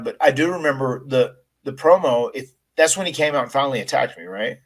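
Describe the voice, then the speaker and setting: A man's voice: on the high side, normal speed, a bit bright, rough recording. A man answering interview questions, telling a personal story earnestly, with frequent restarts and quoted dialogue. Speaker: wrestler telling his story.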